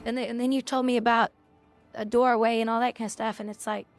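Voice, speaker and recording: A woman's voice: a little high, flat delivery, quick pace, faint music behind. A woman game streamer talking casually to her chat, bluntly scolding viewers and swearing now and then.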